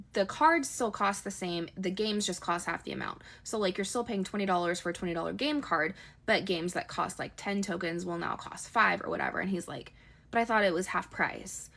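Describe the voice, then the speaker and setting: A woman tells a personal story in a casual, chatty storytime voice. She talks very quickly, at a middle pitch. She slips quoted dialogue into her narration in her own voice. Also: fairly bright tone.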